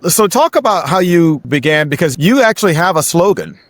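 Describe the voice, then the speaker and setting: A man's voice: a little high, big pitch swings, brisk, a bit bright, dry recording. A man hosting an interview show, asking questions in an encouraging, conversational way. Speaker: podcast host.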